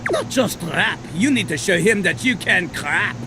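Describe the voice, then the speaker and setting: A man's voice: high-pitched, animated, a little slow, pushed and bright, slight background noise, heavily acted. An actor playing a boastful male French rapper who lives as a toilet, rhyming and bragging in a French accent. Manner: boastful, raps and beatboxes in rhyme.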